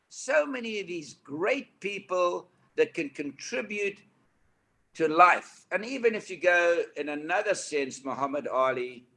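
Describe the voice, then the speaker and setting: Older South African man, eighties, bright tone, slightly high voice, animated storyteller. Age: 80s. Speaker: guest. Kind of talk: storytelling interview. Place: indoor studio couch.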